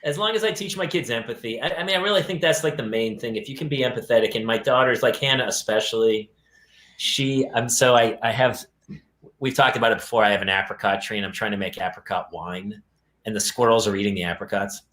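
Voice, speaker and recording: Storytelling dad with a roomy echo. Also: male voice, medium pitch, fast. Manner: animated storyteller, acts out his kids' voices. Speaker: podcast co-host. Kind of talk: casual chat.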